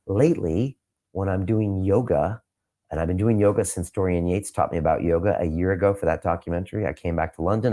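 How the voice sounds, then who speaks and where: Emphatic low-voiced man in an interview. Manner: emphatic, repeats phrases for punch; reflective, sometimes quiet and emotional. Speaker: podcast host being interviewed. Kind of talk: candid interview answers.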